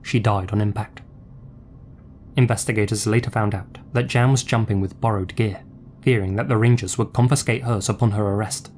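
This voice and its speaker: A man reading scripted documentary narration in a measured, even storytelling manner. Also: on the low side, slight background noise. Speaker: narrator of the reacted video.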